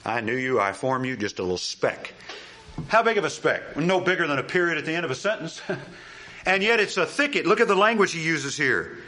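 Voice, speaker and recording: A man preaching a sermon, animated and emphatic, asking rhetorical questions and repeating key phrases. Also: on the high side, a little fast. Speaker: pastor.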